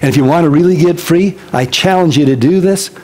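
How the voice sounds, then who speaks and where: Animated, conversational male pastor preaching. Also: on the high side, a little fast. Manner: animated and conversational, with joking asides. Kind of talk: casual expository sermon. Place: church service before a congregation.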